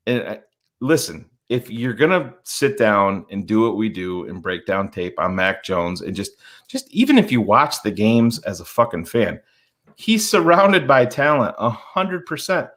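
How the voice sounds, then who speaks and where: A man's voice: fairly low pitch, big pitch swings, a little slow, a bit bright. A man co-hosting a sports podcast in casual talk, blunt and swearing freely, often acting out what other people said. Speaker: podcast co-host.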